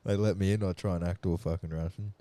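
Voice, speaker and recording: Young aussie bloke, really deep mellow voice, swears a lot, dry close sound. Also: male voice, steady tone, fast talker, a little hiss or hum. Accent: Australian. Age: young adult. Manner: rambling, swearing storyteller. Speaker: podcast guest. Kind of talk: casual chat.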